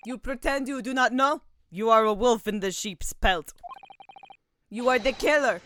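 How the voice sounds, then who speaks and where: A woman voicing a menacing male Russian sailor in a put-on Russian accent, slowly threatening a captive and ending lines with a mocking "hmm?". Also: a little high, a bit bright, slight background noise, lightly acted. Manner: slow threatening interrogation with mocking "hmm?" tags. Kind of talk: reading game dialogue aloud.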